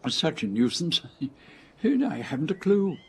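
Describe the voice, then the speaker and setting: A man's voice: fairly high pitch, big pitch swings, takes it slowly, breathy edge, heavily acted. An actor playing a courteous, forgetful man in his eighties in a radio comedy, talking hesitantly and genteelly. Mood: bemused. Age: 80s. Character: forgetful elderly man, 80s, mild and courteous.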